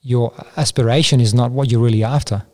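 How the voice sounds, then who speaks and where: A man's voice: medium pitch, fairly even intonation, a little fast, a little mellow. A man from Italy with an Italian accent, a martial arts guest on a podcast, speaking in a hesitant, plain-spoken way. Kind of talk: casual podcast interview.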